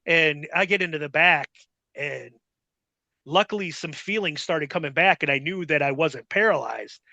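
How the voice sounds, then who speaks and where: A middle-aged man tells a rambling, swear-filled story in a casual interview. His voice sits high and bright, with a forceful edge. The sound is dry and close, with no room around it. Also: moderate pace, gravelly, dry recording, lo-fi sound. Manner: profane, rambling, animated retelling. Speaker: guest.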